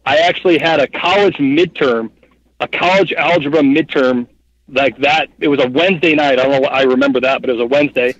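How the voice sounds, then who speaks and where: A man in his thirties, a podcast guest telling stories casually, rambling with lots of fillers in an animated way. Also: medium pitch, a little fast, no room sound. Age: 30s. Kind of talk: casual storytelling interview. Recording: dull, muffled podcast audio.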